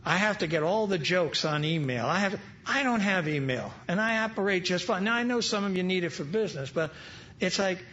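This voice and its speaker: A man's voice: sits high, animated, a little fast, bright, forceful tone, a little hiss or hum. An older man from New York speaking at a recovery meeting, telling stories with humorous, wry asides. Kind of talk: storytelling talk to an audience. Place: large event hall. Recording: dull lo-fi live recording.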